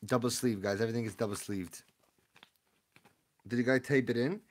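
Male streamer, mid-pitched, chatty and excitable, casual live-stream host. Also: brisk. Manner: excitable, chatty, talks to viewers. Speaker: streamer opening card packs.

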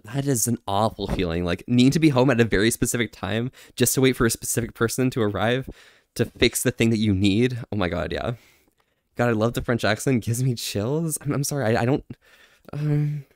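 A man streaming casually, reading viewer chat aloud, laughing often and switching into halting French. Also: medium pitch, darkish tone, no echo, clean studio sound. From Canada.

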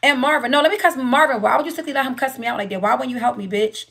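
Loud, profane woman with a gravelly edge. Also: sits high. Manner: profane, loud and rapid-fire. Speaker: live-stream host. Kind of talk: heated casual live-stream chat.

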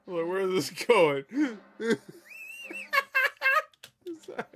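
A man's voice: sits high, expressive, very slow. A man hosting a meme reaction video, laughing often, swearing freely and talking back at the clips. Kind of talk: casual reaction commentary.

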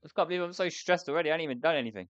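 A woman's voice: deep voice, racing, no echo, muffled recording, faint music behind. A young woman giving frantic, exasperated let's play commentary with lots of swearing. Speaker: gaming YouTuber.

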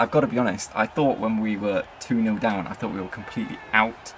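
A man's voice: lowish voice, fast, hardly any pauses, fairly bright tone, slight background noise. A young man commentating his own football video game match, swinging between hype and frustration. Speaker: gaming channel host. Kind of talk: live gameplay commentary.

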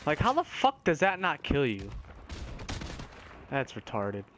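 A man's voice: fairly high pitch, wildly swooping pitch, measured pace, a bit bright, a little hiss or hum. A young man giving casual gameplay commentary as a gaming YouTuber, swearing and whooping at his kills.

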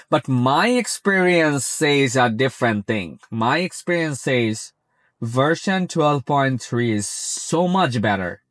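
A man's voice: fairly high pitch, animated, a little slow, fairly bright tone, dry recording. A man speaking English as a second language, chatting casually while driving and commenting on his car's self-driving, often repeating "very" and "like". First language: not English. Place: inside a moving car.

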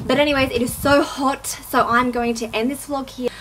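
A young Australian woman in her twenties vlogging casually about her day, chatty and excitable with lots of filler words. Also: high-pitched, normal speed, slight background noise. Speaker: beauty vlogger. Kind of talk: casual vlog chat. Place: in a car, then indoors at home.

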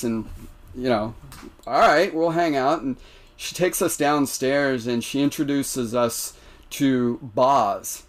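An American man telling stories on a podcast, animated and laughing, with many restarts. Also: mid-range voice. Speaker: podcast guest. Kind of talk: casual storytelling.

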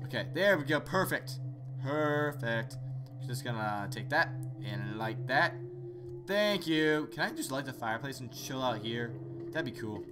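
A man hosting horror let's-play commentary, joking sarcastically and yelling in fright. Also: medium pitch, moderate pace, music in the background. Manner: excitable, jokey, sarcastic, screams in fright. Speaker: gaming channel host.

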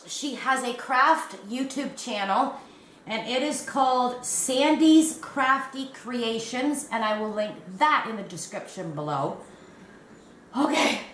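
A Canadian woman in her fifties, a crochet vlogger, chatting casually on camera and gushing with excited, breathless giggles. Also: a little high, slow pace, slight background noise. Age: 50s. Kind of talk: casual vlog unboxing. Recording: echoey room.

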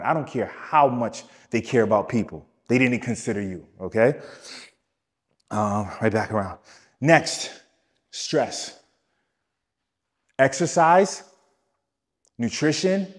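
A man talking as a wellness coach on a podcast, emphatic, repeating his key points and speaking straight to the listener. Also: fairly low pitch. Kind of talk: podcast teaching talk.

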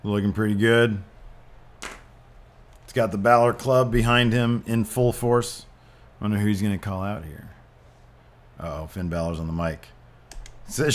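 A man hosting a gaming channel, giving excited play-by-play over a wrestling game with loud exclamations and quiet mutters. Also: lowish voice, measured pace, long pauses.

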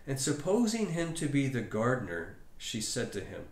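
A man preaching a sermon, telling the story dramatically with long pauses. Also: medium pitch, wildly swooping pitch. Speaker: pastor. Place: church. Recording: roomy church hall.

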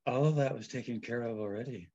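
Very deep, gravelly woman on a dull line. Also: fast talker, warm tone, no echo. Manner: affirming, chimes in with short agreements. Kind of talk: casual chat on a live stream.

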